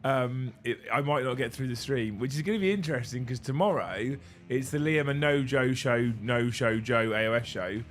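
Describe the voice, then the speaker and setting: A hoarse middle-aged man hosting a casual livestream, chatty and self-mocking, swearing freely. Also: medium pitch, moderate pace, hardly any pauses. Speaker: streamer host.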